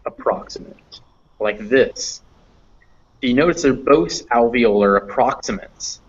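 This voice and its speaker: A man teaching English phonetics in a live online class, explaining patiently with fillers over a computer mic. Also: lowish voice. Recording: dull lo-fi online class audio.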